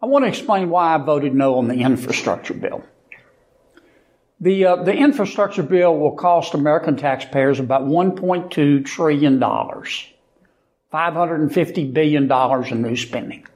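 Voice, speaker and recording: A senator with a Southern Louisiana drawl delivers his case in a steady, measured way. His voice sits a touch higher than most men's, and he lands dry, folksy one-liners. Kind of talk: clipped political statement.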